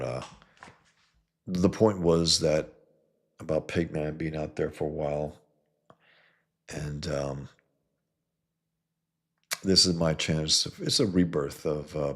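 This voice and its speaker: A man's voice: rumbling low, creaky, slightly rough. A man rambling bluntly and with strong opinions in a casual monologue as a comic book reviewer and cartoonist, often trailing off with fillers.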